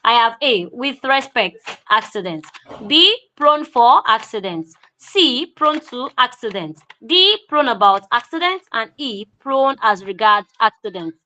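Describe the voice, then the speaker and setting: A woman with a Nigerian English accent teaching an online grammar lesson, repeating key phrases slowly for emphasis. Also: fairly high pitch, very animated, pushed and bright, low-quality recording.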